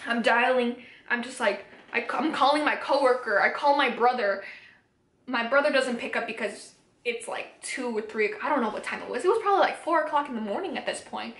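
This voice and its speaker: A woman's voice: on the high side, fairly quick, fairly bright tone. A young woman vlogger telling a personal story to camera, candid and emotional, swearing freely. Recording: roomy echoey room.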